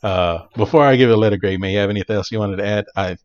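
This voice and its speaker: A man co-hosting a casual movie review chat, retelling scenes in an animated, slangy way. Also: fairly low pitch, rapid-fire, highs cut off. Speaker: podcast co-host reviewing movies.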